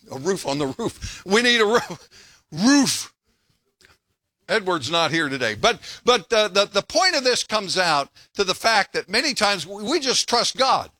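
Folksy older pastor, lively and bright. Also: male voice, sits high, no room sound. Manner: folksy, joking preacher who breaks off to tell stories. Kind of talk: sermon.

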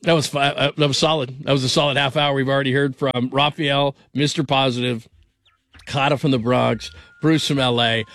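Rambling sports radio host, dry sound. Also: male voice, mid-range voice, steady tone, a little fast, a bit bright, dry recording. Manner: rambling, restarts and self-interrupts, laughs often. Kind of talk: late-night sports talk radio. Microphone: studio microphone. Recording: dry close studio sound.

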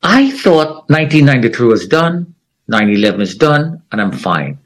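Husky-voiced man telling his story. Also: mid-range voice, sing-song, low-quality recording. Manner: earnest, emotional, with dramatic pauses. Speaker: interview guest. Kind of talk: personal testimony storytelling.

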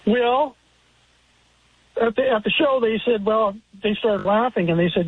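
A man on a tinny, dry phone line, calling in to a talk show. His voice sits a little high and sounds raspy as he earnestly tells his story, retelling each exchange. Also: measured pace, long pauses, dry recording. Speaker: caller. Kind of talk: phoned-in radio call.

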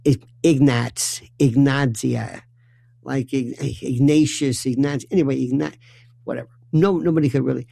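A man from New York telling a comic family story, acting out voices with stammering restarts and lively swings. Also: mid-range voice, normal speed, vocal fry, dry recording.

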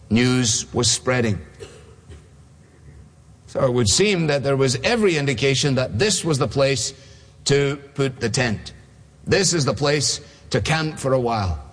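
A man's voice: mid-range voice, slightly rough, big-room sound. A man preaching a sermon in a conversational way, asking rhetorical questions.

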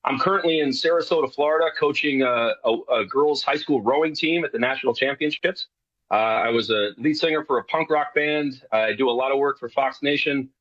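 A man's voice: medium pitch, brisk, fairly bright tone, no echo, highs cut off. A man from New York talking casually as a guest on a radio show, rambling with lots of fillers and restarts.

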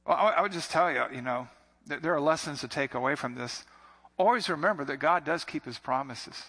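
Bright-voiced preacher man in a reverberant hall. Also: on the high side, brisk. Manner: earnest, conversational preaching with repeated phrases. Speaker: pastor. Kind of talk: sermon.

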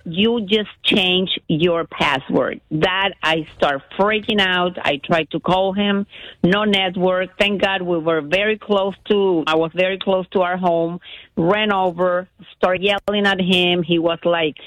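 Excited woman telling her story. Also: lowish voice, no echo, poor audio. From Miami, Florida. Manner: animated, breathless retelling with loose grammar. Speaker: guest caller. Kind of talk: casual storytelling.

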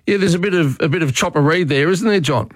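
Chatty radio host. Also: male voice, on the high side, fast talker, no room sound. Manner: relaxed, chatty, frequent fillers and restarts. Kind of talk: casual talkback radio chat. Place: radio studio.

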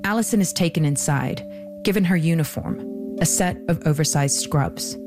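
Woman narrator, low voice, measured scripted read, faint music bed. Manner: measured, even delivery. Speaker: podcast host and narrator.

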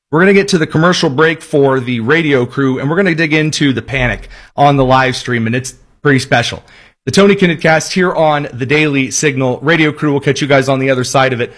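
A man's voice: fairly high pitch, fairly quick, a bit bright. A man hosting a political talk show, delivering a sarcastic, mocking monologue. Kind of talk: opinion monologue.

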